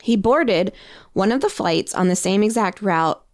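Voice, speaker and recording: A woman's voice: mid-range voice, measured pace, no room sound, clean studio sound. A woman co-hosting a podcast, casually retelling a story with many fillers. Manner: relaxed, filler-heavy retelling. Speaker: podcast co-host.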